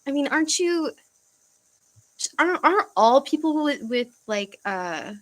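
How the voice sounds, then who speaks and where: Young woman, casual home livestream host, halting delivery with fillers and sighs. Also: high voice, big pitch swings, fairly bright tone, low-quality recording. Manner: halting, searching for words, frequent fillers and sighs. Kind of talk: casual livestream chat reading comments.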